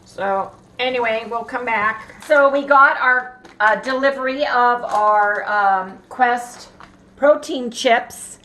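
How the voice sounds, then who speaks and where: A woman's voice: a little high, slow pace, bright, forceful tone, reverberant, slight background noise, low-quality recording. A woman chatting casually in a rambling way while cooking at home for her vlog. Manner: chatty, rambling, laughs often. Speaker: vlogger. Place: home kitchen.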